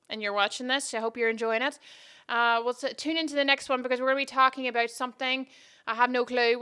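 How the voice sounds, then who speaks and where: Woman podcast host, casual rambling chat, high-ish voice, sharp bright tone. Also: clear, resonant tone. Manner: rambling, goes off on tangents; chatty and self-deprecating.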